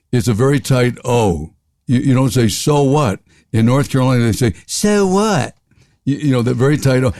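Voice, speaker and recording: Older Southern-raised radio veteran, interview guest, loves jokes and silly voices; dry close mic. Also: male voice, medium pitch, dark tone, no echo. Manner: jokey, playful voices, laughs often. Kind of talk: storytelling interview.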